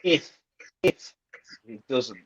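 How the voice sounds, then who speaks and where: A man's voice: mid-range voice, expressive, drawn-out words, slightly rough. A man co-hosting a casual podcast, ranting and mocking with plenty of swearing. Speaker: co-host. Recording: dull lo-fi sound.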